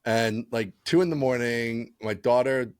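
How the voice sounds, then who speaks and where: A man's voice: medium pitch, measured pace, clean tone, no echo, studio quality. A man co-hosting a podcast, telling stories in casual chat and laughing often. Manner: animated storyteller, laughs often. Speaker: podcast co-host.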